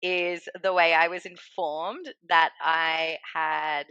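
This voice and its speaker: A woman's voice: low voice, fairly even intonation, slow, sharp tone, clear, resonant tone, no echo, lo-fi sound. A woman telling her own story as a guest in a casual interview, chatty and laughing often, acting out what people said.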